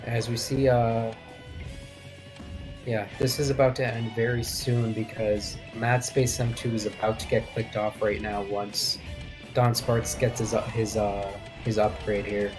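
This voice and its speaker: Low-voiced man rambling through live commentary. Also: little pitch movement, a little slow, over music. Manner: rambling, thinks aloud, asks co-host for agreement.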